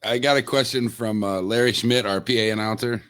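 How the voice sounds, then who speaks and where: A man's voice: medium pitch, steady tone, a little fast, a bit bright, clear, resonant tone, no room sound. A man hosting a radio show, asking casual questions and reading listener questions while laughing along.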